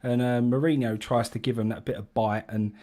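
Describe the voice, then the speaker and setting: A man's voice: mid-range voice, fairly even intonation, fairly quick, a little mellow. A man co-hosting a casual fan stream, blunt and full of "mate". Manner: blunt, keeps saying mate, swears. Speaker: fan show co-host. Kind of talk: casual football fan chat.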